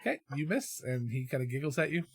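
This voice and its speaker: A man narrating as game master and host of a tabletop game podcast, relaxed and full of fillers. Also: fairly high pitch, fast talker, creaky, breathy edge, no room sound.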